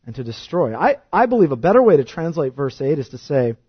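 A man preaching a sermon with passion, firing rhetorical questions and swinging from quiet to loud. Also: a little high, big pitch swings, fast, husky, no echo, dull audio. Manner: impassioned, rhetorical questions, wide swings of loudness. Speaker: pastor.

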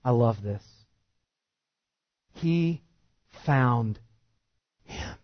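A male pastor preaching a sermon, animated and shifting from loud emphasis to hushed intensity. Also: mid-range voice, drawn-out words, no echo, lo-fi sound.

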